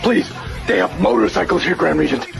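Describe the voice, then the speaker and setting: A man's voice: sits high, sing-song, fairly quick, gravelly, over music, exaggerated voice. A man voicing a giddy male alien envoy who keeps pleading to stay on a planet. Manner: pleading, repeats a title.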